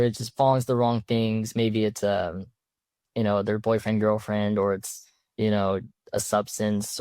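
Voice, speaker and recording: A man's voice: fairly low pitch, darkish tone, no room sound. A young man, a college wrestler, telling his story in a loose, rambling way with many fillers and restarts. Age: young adult. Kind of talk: casual storytelling.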